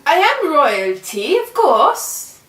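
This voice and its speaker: A woman's voice: high voice, big pitch swings, slow, a bit bright, far from the mic, heavily acted. A woman playing a vain, muddled woman who is convinced she is a French queen, talking in a haughty, rambling, sing-song way in an improvised comedy interview. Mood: boastful. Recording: echoey room, off-mic.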